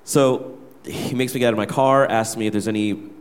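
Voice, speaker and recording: A young worship leader candidly shares a personal story with his church gathering in a church hall. His voice is on the low side and brisk, and the hall makes the recording reverberant.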